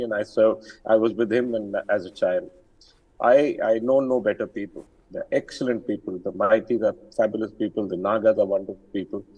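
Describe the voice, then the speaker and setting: An older army general, appearing as an interview guest, speaks firmly and emphatically despite many fillers and restarts. His voice is on the low side, slightly mellow and breathy, and the audio sounds dull because he's far from the microphone.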